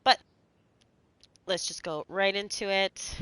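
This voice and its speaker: A woman's voice: medium pitch, fairly even intonation, slow pace, a bit bright, clear, resonant tone, no room sound. A woman streaming a game who is sick and sounds nasal, chatting casually and apologetically.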